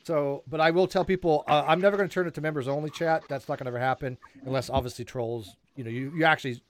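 A man's voice: fairly high pitch, fast talker, a little hiss or hum. A man hosting a casual livestream chat, joking and teasing his guests. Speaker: livestream host.

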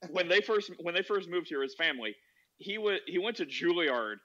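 Male podcast guest, high and sharp-toned, loose rambling storyteller, muffled lo-fi sound. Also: lively intonation, normal speed. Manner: rambling, heavy use of "like" fillers. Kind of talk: casual anecdote telling. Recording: dull lo-fi audio.

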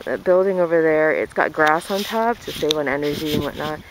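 A woman's voice: sits low, fairly quick. A woman talking casually to the camera while walking her dog outdoors, a little out of breath and rambling with lots of fillers. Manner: rambling, chatty, many fillers. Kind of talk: casual walk-and-talk vlog. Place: outdoors in a neighborhood park. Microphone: handheld camera while walking. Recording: noisy outdoor camera audio. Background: outdoor noise.

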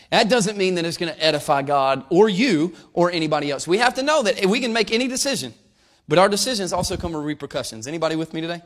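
Male pastor, high voice, emphatic sermon delivery that builds to fervor, talks straight to the congregation. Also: a bit bright. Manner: emphatic, rising to fervent preaching, addresses congregation.

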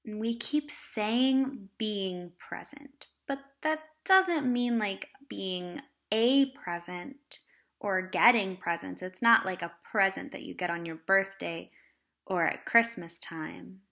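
A woman teacher explaining a lesson to children in a lively, animated way. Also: medium pitch, slow pace, gravelly. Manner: animated, acts out examples in different voices.

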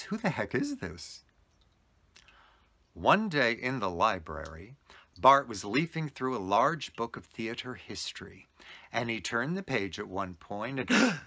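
An animated man telling a story on his vlog, his voice bright and ringing and his pitch rising and falling a lot. He laughs often as he talks. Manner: animated and expressive, with frequent laughter. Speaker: storyteller host.

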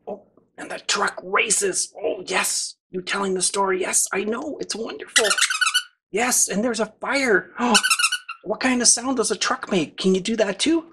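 A woman reading a picture book aloud to young children, gasping with excitement and talking straight to her listeners. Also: mid-range voice, slight background noise. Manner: excited gasps, talks directly to the children. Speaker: children's storyteller.

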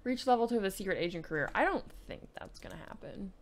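A woman's voice: medium pitch, animated, fast talker. A young woman giving casual let's play commentary, playfully bossing around the characters in her game. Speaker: gaming YouTuber.

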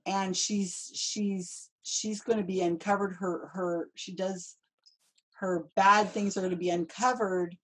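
A woman hosting a casual conversation, telling stories in a chatty, animated way. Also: on the low side, moderate pace, husky, poor audio. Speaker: host.

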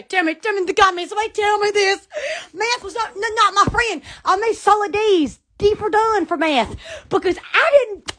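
A woman from Alabama, chattering excitedly on a phone livestream, giggling, gushing and stammering. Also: very high voice. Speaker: social media livestreamer.

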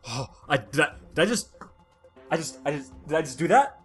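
A woman giving casual commentary over a platformer, talking to herself in frustration and bursting into loud complaints. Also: deep voice, very animated, a little fast, husky, faint music behind. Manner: exasperated, frustrated self-talk that bursts into loud outbursts. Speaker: let's play gamer.

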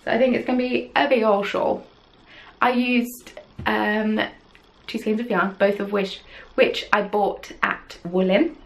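A woman's voice: medium pitch, fairly even intonation, a little slow, gravelly, low-quality recording. A woman hosting a podcast, chatting casually and rambling with self-deprecating asides, recorded at home on camera. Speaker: podcast host. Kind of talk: casual chat.

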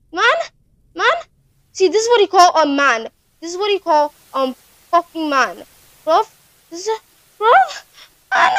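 A woman's voice: extremely high pitch, dry recording, studio quality. A woman narrating her own horror game playthrough, panicky and swearing, talking straight to her viewers. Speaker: gaming channel host.

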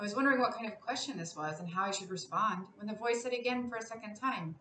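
A woman, a classics professor, reading a literary excerpt aloud with measured, expressive storytelling. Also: medium pitch, far from the mic. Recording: roomy, a bit off-mic, faint noise.

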